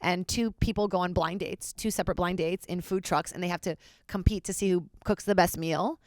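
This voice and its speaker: A woman's voice: fairly low pitch, steady tone, brisk, darkish tone, no echo, clean studio sound. A woman comedian chatting as a podcast guest, candid and rambling, joking frankly. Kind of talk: casual podcast chat.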